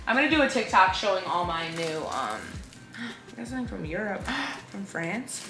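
Gushing and gasping through an unboxing, a somewhat tired young lifestyle influencer chats casually on her vlog. Her medium-pitched voice has lively intonation and runs a little fast, with loud background music in a roomy-sounding space.

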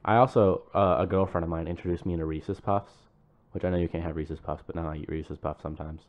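A man co-hosting a casual podcast, joking quickly with deadpan asides. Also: low voice, lo-fi sound. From United States. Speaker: podcast co-host. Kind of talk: casual chat.

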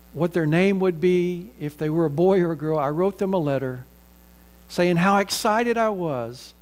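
A man's voice: high-pitched, darkish tone. A middle-aged man with a Southern American accent, an earnest pastor preaching a sermon and leading a prayer.

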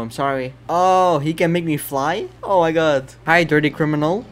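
A man's voice: on the high side, moderate pace, hardly any pauses, a little hiss or hum. A young man giving casual, playful commentary over a video game, laughing and bantering as he trolls other players. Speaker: gaming YouTuber. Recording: voice over faint background music.

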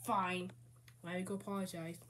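A woman's voice: fairly low pitch, little pitch movement, normal speed, pitched below the performer's own voice, natural voice. A woman voicing Knuckles, a blunt and rude male echidna, in a homemade fan dub with broken, insulting speech. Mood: grudging. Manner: broken grammar, insulting, grudging.

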